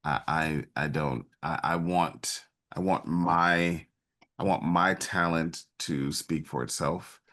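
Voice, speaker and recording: A man with an exceptionally deep voice speaks slowly as a podcast guest. He talks in a relaxed, halting way, restarting his sentences and leaning on fillers as he gathers his thoughts. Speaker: podcast guest, stage actor. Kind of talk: casual interview chat.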